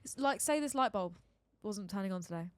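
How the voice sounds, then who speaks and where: Fast-talking young woman. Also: mid-range voice, expressive, dry recording. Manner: chatty, gives advice, tells stories with emphasis. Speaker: podcast co-host. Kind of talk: casual chat.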